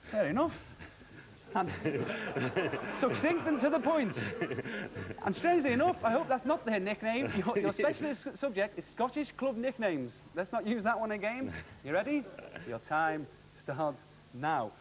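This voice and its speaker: A man hosting a televised quiz, with upbeat, jokey, quick quizmaster delivery. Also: high voice, big pitch swings, noisy background. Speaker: quiz show host.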